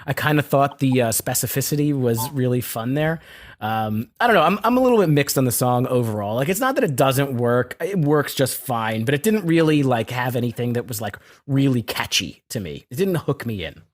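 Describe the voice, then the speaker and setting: A man co-hosting a podcast, chatting casually about albums, apologetic and quick to laugh. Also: mid-range voice, expressive. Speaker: podcast co-host. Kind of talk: casual music review chat.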